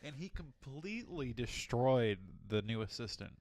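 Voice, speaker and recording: A man co-hosting a podcast, chatting in a relaxed, offhand way and swearing often. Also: medium pitch, moderate pace, no room sound. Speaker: podcast co-host. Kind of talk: casual chat.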